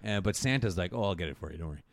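A man's voice: low-pitched, lively intonation, rapid-fire. A young adult man in casual chat, recapping a movie with frequent laughter and jokey put-on voices for the characters. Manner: laughs often, mimics characters in exaggerated voices. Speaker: podcast co-host recapping a movie.

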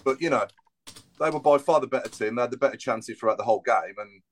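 A man's voice: medium pitch, fast. A man, chatting about football as a podcast co-host, rambling with lots of fillers. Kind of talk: casual football chat.

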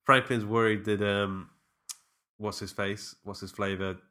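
A man's voice: on the low side, little pitch movement, a little slow, pushed and bright. A man co-hosting a podcast, recapping a horror film in loose, rambling casual chat that he often breaks off or laughs through. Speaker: podcast co-host.

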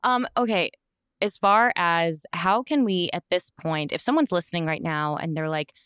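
A woman hosts a conversational podcast, putting careful questions to her guest. Her voice is smooth and resonant, recorded dry and close with no room sound, and she pauses to find her words as she goes. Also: on the low side, animated, fairly bright tone, dry recording. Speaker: podcast host. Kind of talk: conversational interview.

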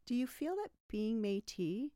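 A woman's voice: on the high side, sing-song, unhurried, warm tone, no room sound. A woman hosting a conversational podcast. She reflects on her own experience and draws her guests out with questions. Her voice is close to the mic and dry, with no room sound. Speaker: podcast host. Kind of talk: casual conversation.

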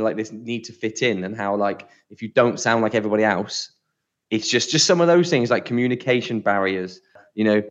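A man from Britain co-hosting a podcast, chatting casually and rambling through restarts and fillers. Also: lowish voice. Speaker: podcast co-host. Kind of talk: casual chat. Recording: dull lo-fi sound.

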